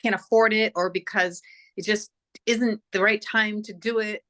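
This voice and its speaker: A woman's voice: medium pitch, fairly even intonation, moderate pace, a bit bright. A woman in a casual group chat on a video call, thoughtful and agreeable.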